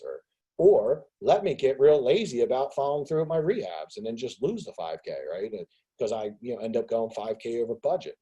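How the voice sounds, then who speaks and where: A man hosting a business group call on a video call, talking casually in an animated rant. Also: mid-range voice, brisk, breathy edge, poor audio. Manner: animated ranting, acts out others' voices. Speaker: host of a business mastermind call.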